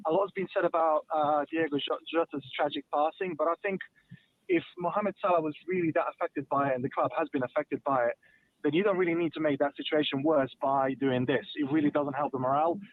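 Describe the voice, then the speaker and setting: A man calling into a radio phone-in, speaking in a measured, matter-of-fact way. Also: on the high side, fairly even intonation, no room sound. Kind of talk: call-in opinion. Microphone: telephone. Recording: phone line with faint household noise. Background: a toddler at home.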